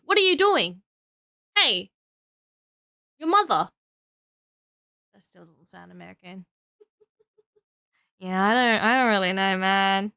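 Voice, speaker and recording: A woman's voice: mid-range voice, bright, forceful tone, clean tone, no room sound, studio quality. A woman streaming, chatting casually and giggling as she builds and talks to her viewers, tired and trailing off into self-talk. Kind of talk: casual live-stream chat while building.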